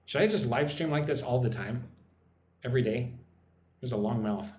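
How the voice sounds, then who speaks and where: A man's voice: mid-range voice, moderate pace, darkish tone. A man from Texas, an English teacher, chatting casually and playfully on a live stream. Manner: playful, chatty, amused exclamations. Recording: roomy echo, faint background noise.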